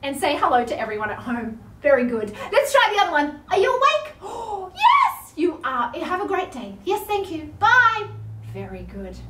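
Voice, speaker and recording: A woman's voice: sits high, sing-song, a little fast, hardly any pauses, fairly bright tone. A woman with an Australian accent leading an online yoga class for toddlers, talking in a playful sing-song way with big gasps of surprise. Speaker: kids' yoga teacher. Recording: roomy, distant mic with faint ambience.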